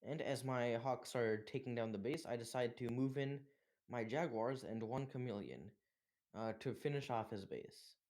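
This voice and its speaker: Young male gamer, mid-pitched, casual commentary, filler-heavy. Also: normal speed, a little mellow. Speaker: gameplay commentator. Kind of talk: gameplay commentary.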